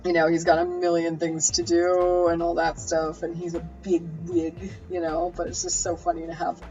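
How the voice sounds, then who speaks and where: A woman chats through the end of a cooking stream in a low, loose, rambling way and laughs easily, her voice worn from hours of talking. The audio is dull and lo-fi, with faint music playing underneath. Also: completely flat delivery, normal speed, darkish tone. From Canada. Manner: chatty and rambling, laughing often. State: losing her voice. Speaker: live-stream cooking host. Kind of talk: casual live-stream chat.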